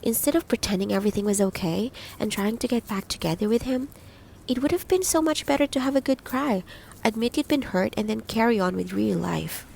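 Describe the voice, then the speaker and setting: Brief: caring, blunt young female friend, brisk and earnest, read by a woman narrator. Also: fairly high pitch, animated, creaky, darkish tone, slight background noise.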